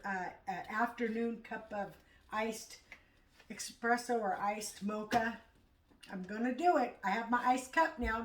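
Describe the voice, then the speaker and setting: A middle-aged woman chatting casually at home in a vlog, rambling and halting as she talks. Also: fairly high pitch. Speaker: vlogger. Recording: echoey room, far from mic.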